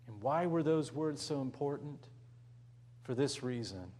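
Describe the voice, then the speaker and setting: Animated preacher man telling a story. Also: fairly high pitch, unhurried. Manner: dramatic, acts out voices, drops to near whisper. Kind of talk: sermon storytelling.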